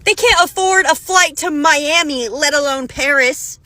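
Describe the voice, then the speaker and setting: A woman's voice: sits high, sharp tone, no echo. An American woman doing a sassy, profane, mocking comedic rant. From United States. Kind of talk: comedic social media rant.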